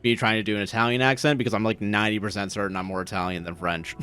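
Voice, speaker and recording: A man's voice: fairly low pitch, steady tone, racing, bright, forceful tone, smooth. A man livestreaming a game, joking, swearing and laughing as he reacts. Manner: joking, profane, laughs often. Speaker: streamer. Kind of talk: casual game livestream commentary.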